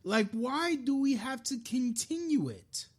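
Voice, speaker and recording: A man's voice: extremely high pitch, expressive, unhurried. A man hosting a live-streamed podcast, delivering a frustrated, profane political rant with frequent restarts. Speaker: podcast host.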